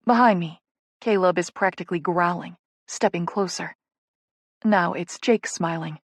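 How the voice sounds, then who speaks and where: A woman's voice: lowish voice, a little slow, no room sound. A woman narrating a first-person romance audiobook in an intimate, playful way, on a close studio mic.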